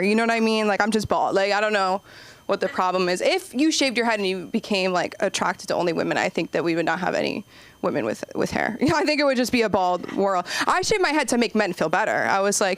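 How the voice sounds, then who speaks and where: A woman's voice: mid-range voice, expressive, brisk. A young woman performing a stand-up set at an open mic, rambling and self-deprecating with lots of "like" and trailing asides. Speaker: stand-up comic. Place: comedy club stage.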